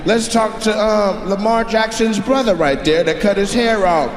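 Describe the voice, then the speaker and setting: A man doing stand-up crowd work on a club stage, loud, profane and teasing the crowd. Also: sits high, normal speed, echoey room, in a large hall, over loud music. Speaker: stand-up comedian. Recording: noisy live club recording. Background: audience laughter.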